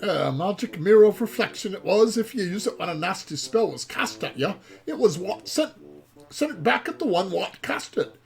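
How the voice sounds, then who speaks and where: A man's voice: high voice, big pitch swings, normal speed, creaky, soft background music, pitched above the performer's own voice, full character voice. A man voicing an eccentric old male cave hermit with a loose Cockney accent, dropping his H's and using folksy broken grammar. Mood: chatty. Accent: Cockney, loosely done.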